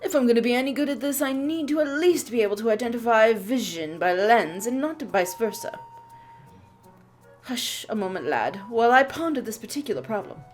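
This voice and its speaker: A woman's voice: fairly high pitch, lively intonation, a little fast, faint music behind, lightly acted. A woman voicing an eccentric, chatty male army mechanist who rambles to himself in a fussy, self-assured way. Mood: rambling.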